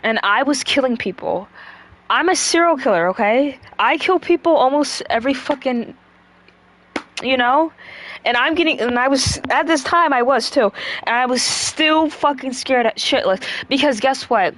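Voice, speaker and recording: A woman's voice: high-pitched, moderate pace, a bit bright, a little hiss or hum. A woman chatting casually on a stream, rambling with lots of fillers and swearing freely.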